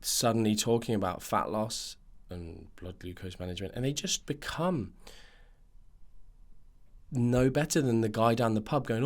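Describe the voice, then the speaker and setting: A man's voice: on the low side, moderate pace. A man hosting a nutrition podcast, ranting in a casual monologue full of fillers and restarts.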